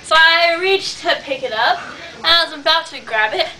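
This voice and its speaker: High-voiced lady rambling a made-up silly story, far from mic, noisy. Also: animated, normal speed, sharp tone. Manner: rambling, giggly, chatty. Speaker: improvising storyteller. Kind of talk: improvised comic storytelling. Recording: distant mic, noisy home video.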